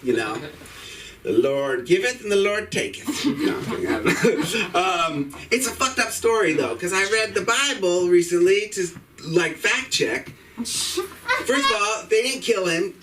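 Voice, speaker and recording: High, bright-voiced man doing profane stand-up. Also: expressive, unhurried, distant mic, poor audio. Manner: rambling, irreverent, profane delivery. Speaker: stand-up comedian. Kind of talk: open mic stand-up set. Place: comedy club stage.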